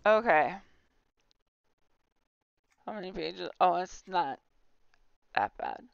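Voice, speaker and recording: A woman's voice: on the low side, very animated, takes it slowly, gravelly, no room sound, dull audio. A woman hosting a casual tour of a game house, chatty, giggly and self-deprecating. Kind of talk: casual gameplay tour commentary.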